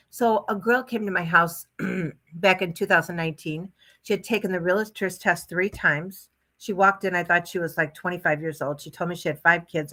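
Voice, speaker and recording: Bright-voiced chatty woman storyteller. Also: fairly low pitch. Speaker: guest, hypnotist and mentor. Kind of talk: casual podcast storytelling.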